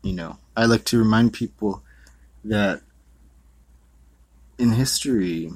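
Solo podcast host, male, lowish husky voice, meandering and profane, dry close sound. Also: slow, dry recording. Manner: loose, profane, meandering with many fillers. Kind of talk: rambling monologue.

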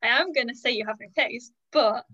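A woman's voice: fairly high pitch, fairly quick, sharp tone. A woman as a podcast guest, chatting casually and bluntly, full of "like" and "um". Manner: blunt and opinionated, lots of "like" and "um". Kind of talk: casual chat. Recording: dull lo-fi podcast audio.

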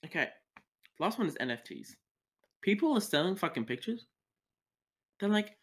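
Animated teenage boy ranting solo. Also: fairly high pitch. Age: teens. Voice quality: animated, sweary ranting, fast tangents. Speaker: podcast host. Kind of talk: solo podcast rant.

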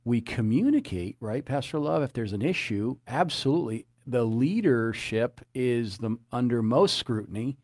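A man's voice: medium pitch, expressive, normal speed, hardly any pauses, a little mellow, no echo, clean studio sound. A man preaching a sermon as a pastor, earnest, often repeating his phrases and citing scripture.

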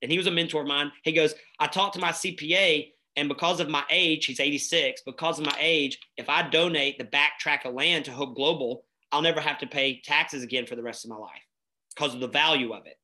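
A man, telling stories in a casual, energetic conversation as a guest, with many fillers. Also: fairly high pitch, fairly quick. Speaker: nonprofit founder and guest.

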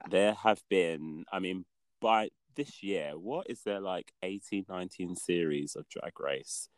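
A man with a very low voice chats on a podcast, animated and quick to laugh. The recording is dry and close, with no room sound. He talks casually with a co-host. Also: no room sound. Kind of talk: casual chat.

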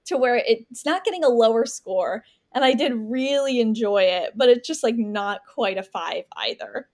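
A woman's voice: a little high, expressive, moderate pace, a little mellow. A woman co-hosting a podcast, chatting casually about a book and filling her talk with "like.". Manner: chatty, many "like" fillers. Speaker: podcast co-host.

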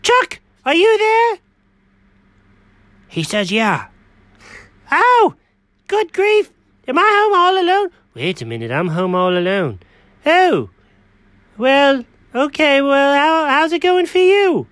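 A performer voicing an excitable, chatty male house cat who frets aloud and bursts into dramatic outcries, in a one-person comedic audio story. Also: high-pitched, slow pace, long pauses, no room sound, voice pushed up, full character voice. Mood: nagging. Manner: talks to himself, frets, dramatic outbursts.

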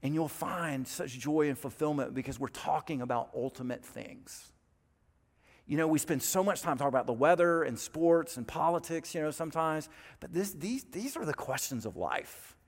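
A man's voice: fairly high pitch, expressive, normal speed. Earnest preaching man in a reverberant hall. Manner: earnest, emphatic preaching with repeated phrases. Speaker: pastor. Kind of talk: sermon. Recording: long reverb of a large hall.

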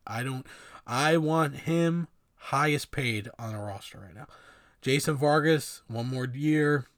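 A man's voice: medium pitch, dry recording, clean studio sound. A man giving a casual, rambling sports opinion monologue with many fillers and sardonic asides. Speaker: sports commentator.

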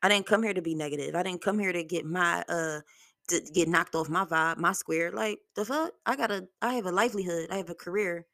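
A young woman hosts her own podcast in a blunt, profane, lively storytelling style. Her voice sits fairly low and has a gravelly fry. The sound is dry and close to the mic, with no room echo. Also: a little fast. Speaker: podcast host. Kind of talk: solo podcast talk.

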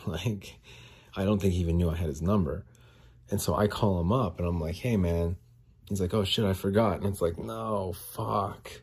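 Male podcast host with a dark, mellow, low voice; rambling, profane, out-of-breath rant. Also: husky. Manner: frustrated, swearing, rambling. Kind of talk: casual solo rant.

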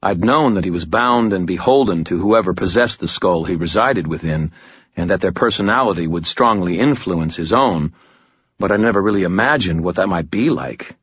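A male narrator reads a first-person fantasy story in a deep, husky voice. His telling is tense and measured. The recording is dry and dull, with a lo-fi sound. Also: lively intonation, fairly bright tone, no echo. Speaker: audiobook narrator.

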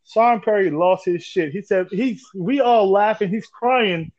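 A man in his forties hosting a casual chat, telling animated stories, laughing often and swearing casually. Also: sits high, unhurried, no room sound. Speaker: podcast host. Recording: dull lo-fi dry sound.

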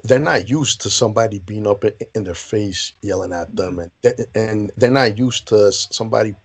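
A man telling crude, animated service stories in casual chat, peppering them with bro and man. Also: on the low side, moderate pace, husky. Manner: profane, animated storyteller, says bro and man a lot.

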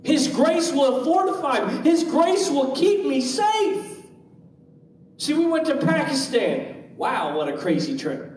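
A male minister telling a faith testimony in an animated way, acting out the voices of the people in his story. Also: extremely high pitch, takes it slowly, a little hiss or hum. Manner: animated, acts out quoted voices. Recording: echoey room, distant mic.

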